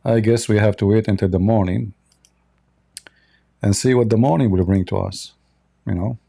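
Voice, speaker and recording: A man's voice: on the low side, fairly even intonation, moderate pace, vocal fry, dark tone. A man hosting a livestream of political commentary, blunt and opinionated, often restarting his sentences. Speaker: commentary channel host.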